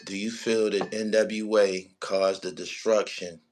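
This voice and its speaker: A man hosting a casual interview in a fairly low voice. He mostly backs the guest with short affirmations, then pushes back with pointed questions. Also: level tone, unhurried, darkish tone. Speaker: host.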